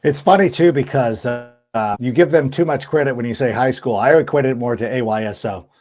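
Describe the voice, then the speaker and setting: A man hosting a sports podcast in casual chat, talking in an animated, quick way. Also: medium pitch, soft background music. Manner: animated, quick, acts out quoted lines. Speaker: podcast host.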